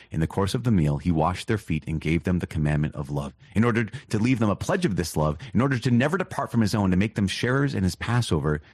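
Low, husky-voiced man teaching warmly. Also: no echo. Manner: earnest and animated, with quick asides and light laughs. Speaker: priest podcast host. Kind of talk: catechism teaching podcast.

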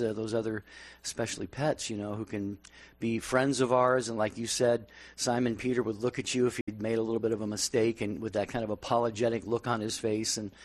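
A man co-hosting a call-in radio show, speaking earnestly and thoughtfully. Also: mid-range voice. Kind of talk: talk radio chat.

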